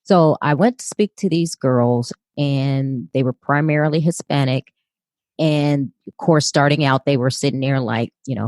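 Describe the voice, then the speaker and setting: A woman's voice: extremely low pitch, measured pace, a little mellow, dry recording, studio quality. A woman podcast host, chatting enthusiastically and telling a personal story. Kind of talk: casual interview chat.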